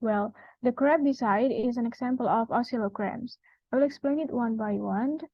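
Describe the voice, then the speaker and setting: Young Indonesian woman presenting, slightly high voice. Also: normal speed, no room sound. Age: young adult. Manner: explains step by step with frequent uh fillers. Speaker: student presenter. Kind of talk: class presentation. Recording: dry, dull lo-fi recording.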